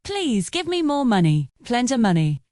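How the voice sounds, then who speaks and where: A vain, greedy young woman from a storybook folktale, voiced by a woman. Her voice sits fairly high and swings widely. The recording is dry and close. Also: sing-song, normal speed, a little mellow, no echo. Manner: pleading, breathless begging.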